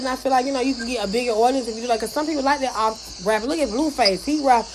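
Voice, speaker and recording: A woman's voice: sits high, racing, hardly any pauses, slight background noise. A woman speaking into a phone in a live audio chat room, telling stories and ranting bluntly with lots of cursing and acted-out quotes. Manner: blunt, heated, animated, heavy cursing, acts out quotes. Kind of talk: casual profane rant and storytelling.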